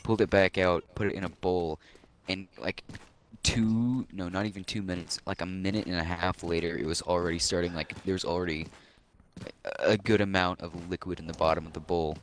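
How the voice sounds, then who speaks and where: A man's voice: low-pitched, fairly even intonation, brisk, slight background noise. A man co-hosting a podcast, chatting casually and telling rambling stories, swearing freely. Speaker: podcast co-host. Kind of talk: casual chat.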